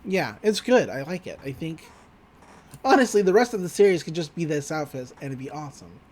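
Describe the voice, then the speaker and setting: A man's voice: a little high, sing-song, fairly quick, a little mellow. A man co-hosting a podcast, casually retelling an anime episode and rambling through it with filler words. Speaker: podcast co-host.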